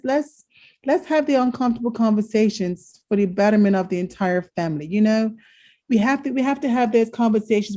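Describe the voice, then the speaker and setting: A woman co-hosting a podcast, telling a family story in casual chat, animated and laughing often. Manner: animated, laughs often, jumps high when quoting herself. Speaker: podcast co-host.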